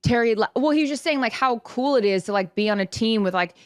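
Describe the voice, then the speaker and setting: A woman's voice: on the high side, animated, quick pace, clear, resonant tone, no room sound, studio quality. A woman in her forties co-hosting a podcast, talking in a reassuring, supportive casual way. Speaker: podcast co-host. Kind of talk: casual chat.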